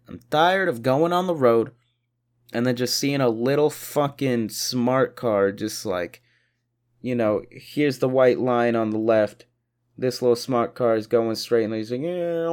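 A young man hosting a solo podcast, rambling and swearing, with sudden loud mock-indignant bursts. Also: mid-range voice. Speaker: podcast host. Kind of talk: solo comedic rant.

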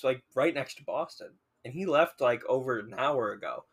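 A young man telling a story on a casual podcast, animated and swearing freely. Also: mid-range voice, moderate pace, slightly rough. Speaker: podcast co-host.

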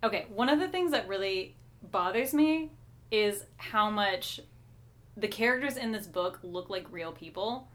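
A woman's voice: mid-range voice, animated, measured pace, fairly bright tone. A woman co-hosting a podcast, chatting casually and easily about a comic book with frequent fillers. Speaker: podcast co-host.

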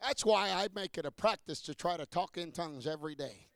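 A man preaching a sermon to a congregation, asking questions and building from low talk to shouted peaks. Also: fairly quick, creaky, no room sound, clean studio sound.

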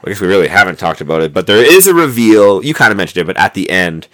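Man, very low voice, casual podcast chat, rambling, lots of ums. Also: very animated, fast, a bit bright. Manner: rambling, many fillers and restarts. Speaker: podcast co-host. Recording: noisy amateur mic recording.

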